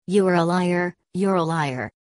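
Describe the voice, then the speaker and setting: A woman voicing a drunken, brutish male coal miner who shouts in broad dialect. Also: sits high, unhurried, dry recording, clean studio sound. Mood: angry. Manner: gruff dialect speech, shouting.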